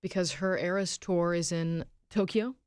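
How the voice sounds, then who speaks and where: A woman co-hosting a morning radio show, quick and teasing in her replies. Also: fairly low pitch, steady tone, darkish tone, clear, resonant tone, dry recording, studio quality. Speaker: radio co-host. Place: radio studio.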